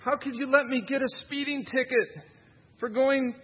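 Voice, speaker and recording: A man's voice: extremely high pitch, little pitch movement, normal speed, slightly rough, big-room sound, dull audio, voice pushed up. A man voicing a whiny young man who complains and blames God for his own troubles. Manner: complaining, exasperated.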